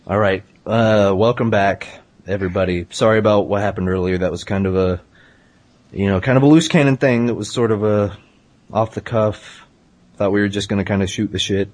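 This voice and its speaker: A man hosting a casual comedy chat, rambling through deadpan tall tales with lots of hesitant fillers. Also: lowish voice, brisk. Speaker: podcast host.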